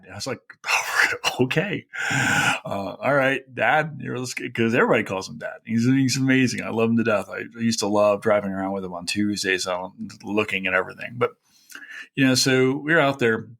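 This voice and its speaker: A man's voice: on the low side, creaky, fairly bright tone. A man from Kentucky, a historian host, telling a personal story in a rambling, heartfelt way, full of "you know" fillers. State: tearful at times.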